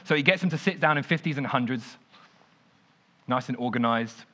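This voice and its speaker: A young man preaching casually, retelling a story in an animated, conversational way with lots of "like". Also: medium pitch, normal speed. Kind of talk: informal sermon storytelling.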